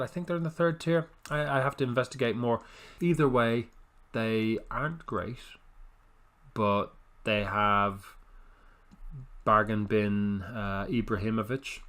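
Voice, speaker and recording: A man's voice: medium pitch, unhurried, fairly bright tone. A man casually commenting on a football management game, rambling and self-correcting with wry understatement. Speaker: gaming video host.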